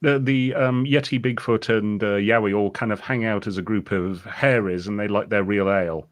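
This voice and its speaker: A man's voice: lowish voice, steady tone, normal speed. A man from the West Country of England, a writer guest in an interview, talking in a dry, digressive way. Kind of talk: casual interview chat.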